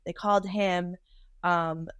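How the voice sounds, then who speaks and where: A woman's voice: lowish voice, steady tone, clean tone, dry recording. Woman retelling a painful loss. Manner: emotional, halting retelling with many restarts. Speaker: podcast guest. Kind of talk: personal storytelling interview.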